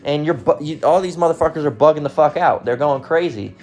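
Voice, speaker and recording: A man's voice: on the high side, a little fast, darkish tone, soft background music. An American man ranting casually in a heated, profane and sarcastic way, often restarting his sentences. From United States. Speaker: vlogger. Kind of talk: casual rant.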